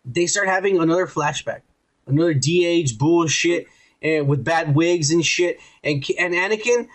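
A man co-hosting a podcast, ranting profanely in casual chat and acting out scenes in quick quoted voices. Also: a little high. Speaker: podcast co-host.

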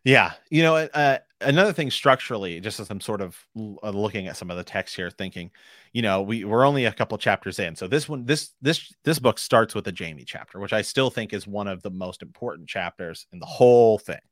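A man with a lowish voice talks through a book in a relaxed podcast chat. He rambles and restarts his sentences. The sound is dry and close to the mic. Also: a little fast, no echo. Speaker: podcast co-host. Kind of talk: casual book discussion.

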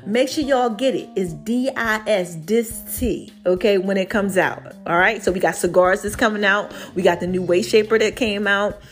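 A woman's voice: mid-range voice, normal speed, few pauses, faint music behind. A woman hosting a casual motivational podcast, short of breath, chatty and preachy, now and then breaking into song. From Brooklyn. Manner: preachy, chatty, sings snatches. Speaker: podcast host.

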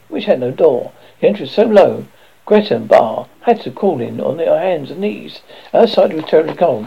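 Male storyteller reading aloud with frequent slips; gravelly, slightly high, lo-fi. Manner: stumbling, self-correcting reading. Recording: dull lo-fi recording.

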